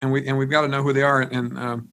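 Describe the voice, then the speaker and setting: Male legislator on a remote video link, mid-pitched, careful and halting, lots of restarts. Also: flat delivery, a bit bright. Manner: measured, hesitant, many fillers and restarts. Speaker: state senator. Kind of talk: legislative floor debate. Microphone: remote video call.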